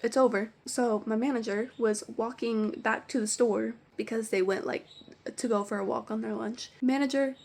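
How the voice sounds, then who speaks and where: A woman's voice: fairly high pitch, moderate pace, gravelly. Exasperated young woman ranting storytime. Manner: animated, exasperated, swears freely. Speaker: pet store worker telling stories. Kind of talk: storytime rant.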